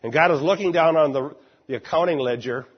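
A man's voice: fairly high pitch, a little fast, husky. A man teaching a Bible study class, explaining a passage and asking the class questions along the way. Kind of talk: Bible class lecture and discussion. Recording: muffled lo-fi recording.

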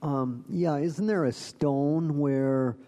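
Man, class member, hesitant question, slow, mellow, far from the mic. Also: on the high side.

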